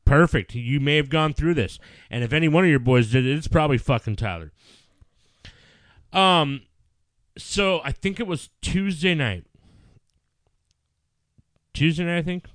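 A middle-aged man tells a family story in casual podcast chat, animated and full of swearing. His voice sits fairly high for a man. The sound is close and dry. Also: measured pace, long pauses, no echo.

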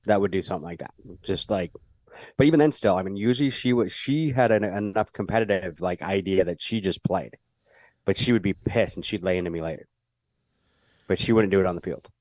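A man's voice: low voice, a little fast, a little mellow, dry recording. A man in casual chat who adds short reactions and wry remarks to a friend's story.

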